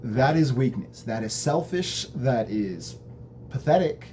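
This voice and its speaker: A man's voice: medium pitch, animated, takes it slowly, a little mellow, a little hiss or hum. A man hosting a show, casually recapping a TV episode in a conversational, reflective way, with the odd swear word.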